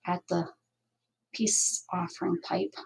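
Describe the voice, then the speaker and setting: A woman's voice: on the low side, little pitch movement, slow pace, vocal fry, poor audio. A woman hosting a crafting livestream, chatting casually and thinking aloud as she works. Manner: chatty, thinking aloud while working, with asides and laughs.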